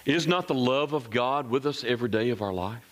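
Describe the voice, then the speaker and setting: A male pastor preaching a sermon, climbing high in emphasis and dropping low and soft, with asides to the congregation. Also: brisk. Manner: call-and-response asides to the congregation.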